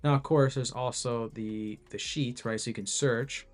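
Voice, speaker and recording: A man's voice: medium pitch, fairly even intonation, normal speed, soft background music. A man who made an app, talking casually and rambling through a screen-share video, restarting sentences and filling gaps with "you know.". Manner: rambling, self-interrupting, many fillers. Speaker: app creator.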